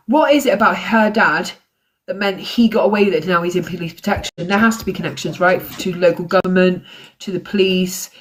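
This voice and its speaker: A woman hosting a true crime livestream, talking in an angry, ranting way. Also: mid-range voice. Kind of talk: live-stream commentary.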